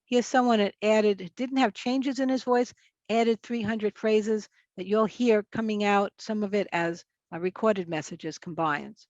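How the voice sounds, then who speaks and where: A woman's voice: medium pitch, measured pace, darkish tone, dry recording, highs cut off. A woman speech pathologist giving a conference presentation in a casual, chatty way, often restarting her sentences. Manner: casual, chatty, self-correcting.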